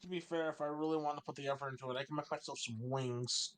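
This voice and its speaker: A man's voice: a little high, fairly even intonation, fast talker, fairly bright tone. A man playing a tabletop game, teasing and joking with the table. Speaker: player. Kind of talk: casual chat in a tabletop game.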